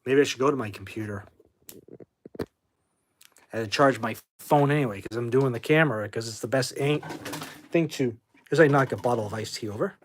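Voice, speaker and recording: With a mid-range voice at a moderate pace, pausing often, a man runs a casual livestream from his phone, and a little hiss or hum is audible. He talks loosely about music but snaps angrily at chat commenters, cursing while he boots them.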